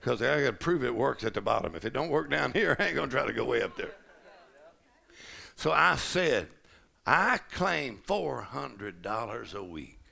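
Middle-aged preacher, man, gravelly and bright, swings from folksy talk to shouting. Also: mid-range voice, very animated, moderate pace. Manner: rising to shouted declarations with a gravelly voice. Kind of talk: sermon. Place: large church auditorium.

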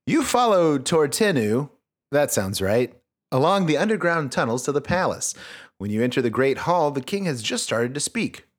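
A man hosting a comedic book-reading podcast with a lively, swinging delivery. He jokes freely and lets his asides drop into quiet mumbles. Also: mid-range voice, normal speed. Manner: animated, joking, drops to mumbled asides. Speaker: podcast host.

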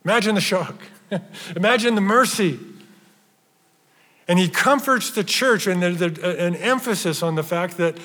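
Male pastor, sermon, slightly higher voice, emphatic then hushed delivery, reverberant church hall. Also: measured pace, pauses often. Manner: emphatic, swings from loud stresses to hushed near-whispers.

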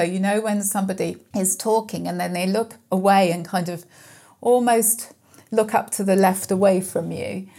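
A woman's voice: medium pitch, gravelly, dark tone. A woman guest speaking in an earnest, reflective, storytelling way during a conversational interview. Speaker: mental health guest speaker.

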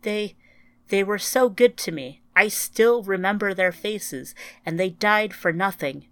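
A woman's voice: mid-range voice, unhurried, fairly bright tone, dry recording. A woman reading the part of a grieving, bitter woman in a story, her tone clipped and accusing.

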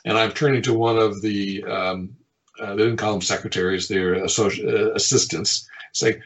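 A man's voice: fairly low pitch, normal speed. Middle-aged guy reminiscing, laughs a lot, acts out quotes, kinda dull lo-fi sound. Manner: lively storyteller who chuckles often and acts out quotes. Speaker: game designer. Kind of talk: reminiscing anecdotes in an interview.

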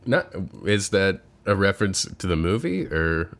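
Very deep-voiced laid-back podcast guy. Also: big pitch swings, a little slow, gravelly, fairly bright tone. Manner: laid-back, with many fillers and some swearing. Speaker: podcast co-host. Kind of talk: casual chat, retelling a movie plot.

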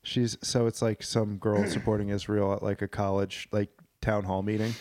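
A man's voice: lowish voice, flat delivery, moderate pace, a little mellow, no echo. A young man co-hosting a podcast, chatting casually and profanely, rambling through stories. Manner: loose, profane, rambling storyteller. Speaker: podcast co-host. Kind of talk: casual banter.

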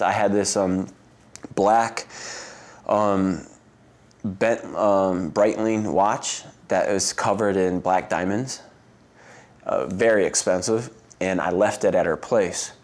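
Chatty man with a low voice. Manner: chatty, full of "like" and "um" fillers. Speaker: interviewee. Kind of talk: casual storytelling interview.

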